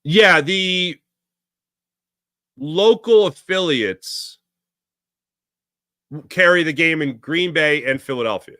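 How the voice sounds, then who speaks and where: A man's voice: on the high side, takes it slowly, long pauses, bright, forceful tone, no echo, clean studio sound. A young man hosting a live sports talk stream, rambling and reading viewers' comments aloud. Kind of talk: casual live-stream chat.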